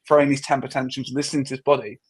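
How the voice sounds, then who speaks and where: Sex: man. Role: interview host. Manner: measured, thinks aloud, restarts sentences. Pitch: mid. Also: level tone, slightly rough. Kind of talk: conversational interview.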